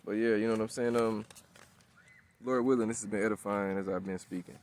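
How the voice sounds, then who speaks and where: A thirtysomething preacher gives a casual street-style sermon, slangy and profane, forever checking in with "all right?" and "you know what I'm saying?". He talks a little fast in a fairly low voice with fairly even intonation, over slight background noise.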